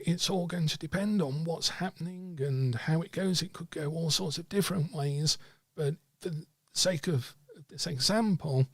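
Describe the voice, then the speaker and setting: A man explains tarot practice to viewers, pausing often and restarting his sentences. His voice sits a little high with a slight huskiness. The sound is dry and close, with no room echo. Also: gravelly, breathy edge. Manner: thoughtful, hesitant, many fillers and restarts. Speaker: tarot teacher. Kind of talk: livestream teaching talk.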